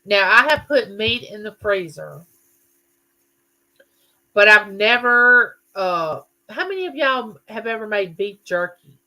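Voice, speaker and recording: A middle-aged woman hosts a casual livestream, talking to her viewers in a chatty, folksy, rambling way. Her voice is bright and forward, at a middle pitch for a woman. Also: animated, takes it slowly. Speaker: livestream host. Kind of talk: casual live chat reading viewer comments.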